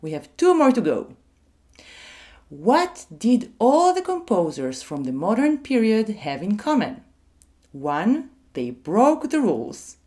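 A woman runs a music lesson for small children. Her voice sits fairly high and swoops up and down as she leads call-and-repeat. She talks slowly and clearly so young learners can follow. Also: darkish tone. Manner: slow, clear and sing-song, leading call-and-repeat. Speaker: music teacher.

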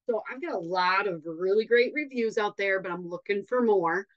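A woman's voice: medium pitch, moderate pace, lo-fi sound. A woman with a Wisconsin accent hosting a podcast, chatty and upbeat, with many fillers. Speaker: podcast host. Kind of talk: casual podcast intro.

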